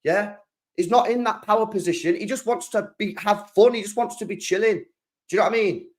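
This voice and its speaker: A young British man hosting a football channel, chatting casually and excitably on a live stream, full of slang and repeating himself. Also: high-pitched, brisk. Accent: British English.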